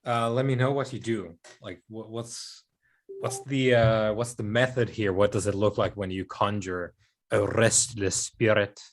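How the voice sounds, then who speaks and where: A man narrating as game master of a tabletop game, halting and full of fillers and laughs. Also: lowish voice, fairly even intonation.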